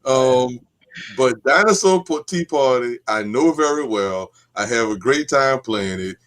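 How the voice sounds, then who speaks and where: A man who is a guest on a live game stream, talking in an easygoing, somewhat halting way. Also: mid-range voice, animated. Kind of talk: casual chat on a live stream.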